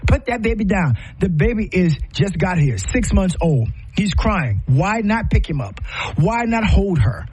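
Impassioned husky-voiced man, preacher-like. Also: high-pitched, very animated, unhurried, a little mellow. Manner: preacher-like, rhetorical questions and repetition. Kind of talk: impassioned commentary on parenting.

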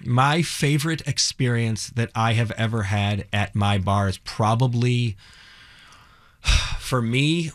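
A man from Cleveland who owns a bar, talking earnestly and quickly as a guest in a radio studio, often restarting his sentences. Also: mid-range voice. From Cleveland, Ohio. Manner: earnest, fast, with many restarts. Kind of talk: casual interview.

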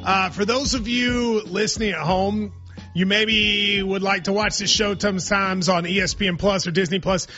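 A man's voice: high-pitched, fairly even intonation, moderate pace, pushed and bright, faint music behind. A man hosting a casual sports talk show, joking and rambling through asides, on slightly muffled audio. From Kentucky.

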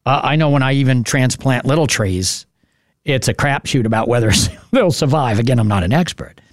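Male local radio host, casual and rambling, lots of fillers, dry studio mic, mid pitch. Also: animated, normal speed, no room sound. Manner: chatty and rambling, many "uh" fillers.

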